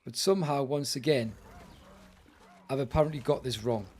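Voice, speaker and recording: A man's voice: mid-range voice, normal speed, a little mellow, husky. A British man streaming a game live, chatting with viewers and grumbling in exasperation. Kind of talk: live gaming commentary.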